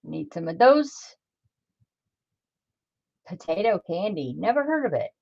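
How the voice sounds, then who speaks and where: A woman's voice: on the low side, big pitch swings, unhurried, gravelly, breathy edge, no room sound, dull audio. A woman chatting casually on a crafting livestream, talking to herself as she works and greeting viewers by name.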